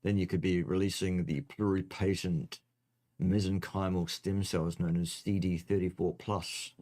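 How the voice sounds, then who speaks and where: A man with a fairly low voice hosting a loose question-and-answer session. He teases his co-host and answers in a dry, joking way. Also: flat delivery, unhurried, mellow. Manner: dry, teasing, jokey. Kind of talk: casual livestream chat.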